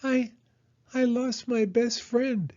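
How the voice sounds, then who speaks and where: A man's voice: high voice, animated, warm tone, muffled recording, voice pushed up. A man doing a tiny tearful girl hedgehog. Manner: timid, tearful, halting. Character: small sad young female hedgehog.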